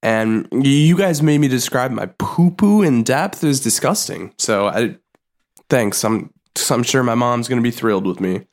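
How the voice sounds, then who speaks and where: A man's voice: mid-range voice, normal speed. Playful, mock-indignant podcast co-host man. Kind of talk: casual comedy chat.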